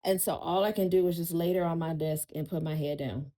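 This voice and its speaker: A woman's voice: low voice, steady tone, fairly quick, mellow, low-quality recording. A woman, a podcast guest telling a personal story in casual chat, often turning to listeners with "y'all.".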